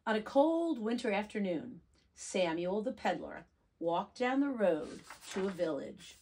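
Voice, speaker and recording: A preschool teacher reading a picture book aloud to children, gentle and expressive. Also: female voice, on the low side, normal speed, slight background noise.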